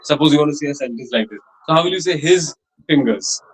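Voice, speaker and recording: A man with a noticeably high voice teaches a French lesson. He explains each point plainly and drills words over and over at an unhurried pace. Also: expressive, a little hiss or hum, rough recording. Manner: slow, patient pronunciation drills with repetition. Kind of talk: language class instruction.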